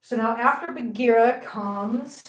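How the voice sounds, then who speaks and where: A middle-aged woman hosting a casual live stream, chatty and animated, greeting viewers by name as she chats. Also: on the high side, a little slow, lo-fi sound. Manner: chatty and animated, reads viewer comments aloud. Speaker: livestream host. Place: home, indoors. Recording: echoey room.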